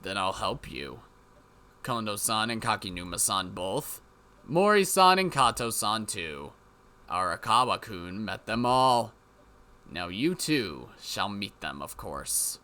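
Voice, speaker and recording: Menacing figure voiced by a man; drops low and quiet, slow gloating delivery. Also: very animated, exaggerated voice. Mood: sinister calm. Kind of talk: visual novel voice acting.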